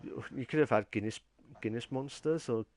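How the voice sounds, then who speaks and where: With a mid-range voice and a slightly quick pace, this man hosts a casual podcast streamed live. He reads viewer comments aloud and rambles, using many fillers and frequently restarting his sentences.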